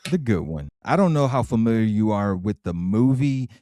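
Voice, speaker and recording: Male co-host, low voice, matter-of-fact recaps, dry close recording. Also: expressive, normal speed, warm tone, dry recording. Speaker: podcast co-host. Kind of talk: casual chat, reading show notes.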